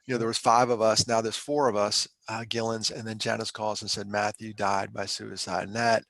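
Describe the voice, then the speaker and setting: A man's voice: fairly low pitch, level tone, a little fast, creaky, a bit bright. A middle-aged man from Pennsylvania, a podcast guest and mental health speaker, telling his story candidly in a conversational, emotional, self-deprecating way.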